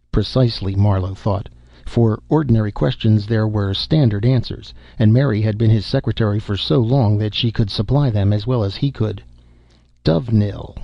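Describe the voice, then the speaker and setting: A man narrating an audiobook in a measured, even way, in a dull recording. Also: on the low side, gravelly, dry recording. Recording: dull, dry close-mic audio.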